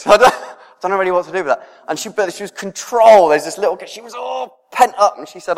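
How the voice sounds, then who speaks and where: Preacher guy, slightly high voice, chatty sermon, lots of little laughs, echo hanging in a big hall. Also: animated, fast. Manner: conversational, rhetorical tag questions, chuckling. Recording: long reverb of a hall.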